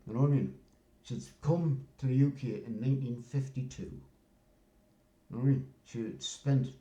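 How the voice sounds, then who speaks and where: A man's voice: mid-range voice, warm tone. An older man, rambling through a casual story and often asking "you know what I mean". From North East England. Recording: roomy echo.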